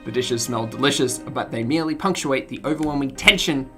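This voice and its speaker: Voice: mid-range voice, fairly quick, pushed and bright, faint music behind. A streamer reading game text aloud and commenting, giggly and self-mocking while trying out character voices. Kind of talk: let's-play commentary and narration.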